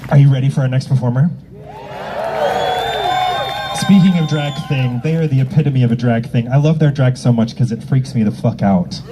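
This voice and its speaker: At a rally in an outdoor public square, a man working as a drag emcee trades brash, teasing, profane banter with the audience. His mid-range voice moves at a moderate pace with long pauses, over a noisy background and a faint crowd.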